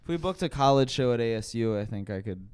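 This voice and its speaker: A man, a comedian, chatting casually on a podcast, talking in halting restarts with swearing. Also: medium pitch, lively intonation, darkish tone, smooth, no echo. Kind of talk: casual chat.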